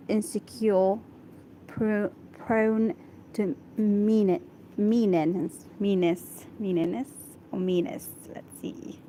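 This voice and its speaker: A woman's voice: mid-range voice, warm tone, slight background noise. A woman whose first language is Arabic reads an English article aloud for practice, stopping to sound out and repeat hard words and to check her pronunciation. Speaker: English learner reading aloud.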